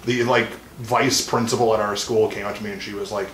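A young man, a band musician, tells an animated story as a guest in a casual interview, chuckling as he goes. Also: fairly low pitch, fairly quick. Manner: animated anecdote-telling, chuckling. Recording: echoey room, faint noise.

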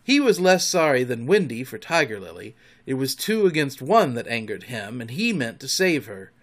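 A man reading a storybook aloud in an expressive, dramatic way. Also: mid-range voice, normal speed. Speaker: narrator.

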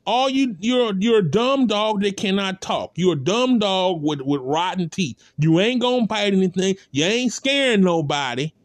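A man's voice: high voice, expressive, moderate pace, few pauses, dry recording. A man giving a blunt, impassioned spoken rant, hammering points with repeated rhetorical calls and casual speech. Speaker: commentator.

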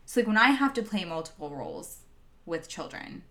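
A woman with a slightly low voice answers an interview question in earnest. She is a former teacher who speaks reflectively and conversationally, and she leans on "like" and "um" as she thinks. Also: big pitch swings, normal speed, sharp tone. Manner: earnest, reflective, many "like" and "um" fillers.

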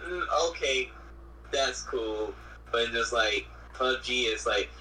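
A man's voice: medium pitch, level tone, slow pace, sharp tone, a little hiss or hum, low-quality recording. A man co-hosting a podcast, bantering and teasing in casual chat. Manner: joking banter, playful teasing. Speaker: podcast co-host.

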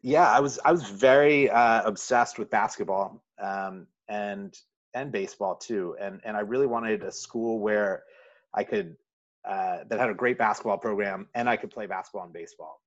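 A man's voice: on the low side, normal speed. A man with a neutral American accent, a guest in a casual interview, telling stories with many fillers and restarts. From New York City. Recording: muffled lo-fi audio.

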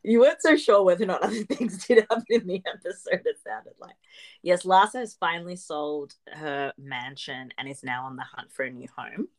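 A woman's voice: fairly low pitch, a little fast. A woman co-hosting a podcast, talking bluntly and sarcastically in casual chat about a reality show. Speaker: podcast co-host.

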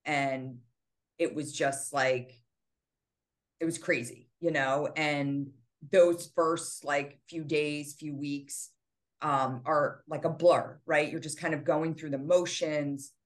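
Low-voiced woman telling a painful story. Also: fairly even intonation, takes it slowly. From United States. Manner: earnest, emotional retelling with many fillers. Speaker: podcast guest, author. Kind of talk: interview storytelling.

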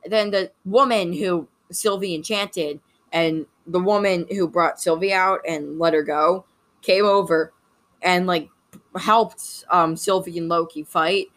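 A woman talks through a casual story recap in a slightly low voice. She rambles, fills gaps with "like" and keeps correcting herself mid-sentence. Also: fairly even intonation, unhurried, fairly bright tone. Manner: rambling, full of "like" and self-corrections. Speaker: video host recapping a series.

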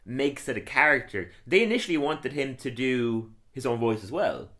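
A man's voice: mid-range voice, expressive, moderate pace, pushed and bright. A man hosting a podcast in casual, rambling chat, often stammering over restarts. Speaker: podcast host.

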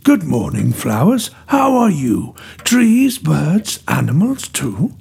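A man's voice: a little high, wildly swooping pitch, slow, gravelly, darkish tone, breathy edge, heavily acted. A man voicing a caring young female forest elf who speaks in sing-song rhymes. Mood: cheerful. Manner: sing-song rhyming greetings.

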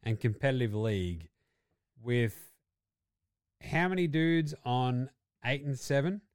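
A man's voice: medium pitch, expressive, takes it slowly, no echo, studio quality. Sweary man chatting sport. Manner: profane, rambling, laughs often. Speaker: podcast co-host. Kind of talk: casual sports chat.

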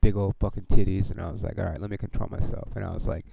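Low-pitched and quick, with vocal fry, a man hosts a podcast over background noise. His casual story comes out heated and animated, thick with profanity and frequent "dude" and "okay" fillers.

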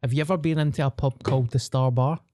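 A man's voice: medium pitch, fairly even intonation, fast, darkish tone, no echo, clean studio sound. A young Glaswegian man in casual, sweary podcast banter. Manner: sweary, laid-back banter. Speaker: podcast co-host. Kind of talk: casual chat.

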